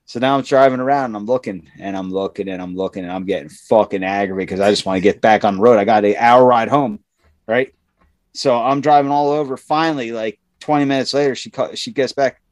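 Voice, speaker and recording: A man's voice: medium pitch, brisk, dry recording. A man in casual chat, telling a profane work story and acting out the people in it. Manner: profane, animated storytelling, acts out quotes in raised voices.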